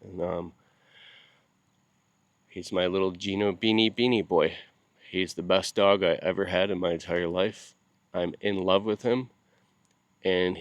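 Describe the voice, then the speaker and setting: A grieving man speaks straight to the camera in a low voice, stopping often and repeating himself. He sounds worn out from lack of sleep. The recording is close and dry, with no room sound. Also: no echo. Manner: halting, with many pauses and repeated words; grieving and heartfelt. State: sleep-deprived. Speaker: video channel host. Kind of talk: casual talk to camera.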